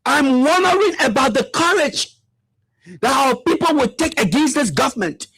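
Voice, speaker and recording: A man's voice: very high-pitched, animated, moderate pace, a bit bright, no echo. A man giving fiery political commentary, full of repetition and rhetorical questions. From Liberia.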